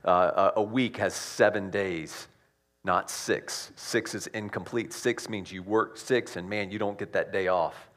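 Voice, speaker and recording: Male pastor preaching, emphatic with loud rises and quiet drops, chatty asides, repeats for effect. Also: low voice, steady tone, a little slow. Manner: conversational asides and repetitions. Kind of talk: sermon.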